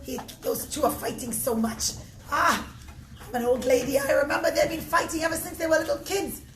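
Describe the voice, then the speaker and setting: A woman's voice: sits high, a little fast. A woman voicing a gossipy old lady guest who exclaims and chatters. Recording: echoey room with steady noise.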